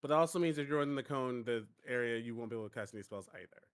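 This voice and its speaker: A man's voice: medium pitch, racing, smooth. A man playing a tabletop game, joking around with hesitant fillers. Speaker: player. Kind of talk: casual tabletop play.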